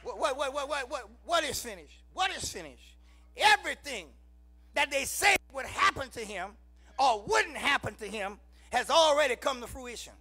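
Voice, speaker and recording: A man with a Southern US accent preaching a sermon in church, calling out to the congregation, shouting lines and then dropping low. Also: sing-song, moderate pace, slightly rough. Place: church sanctuary.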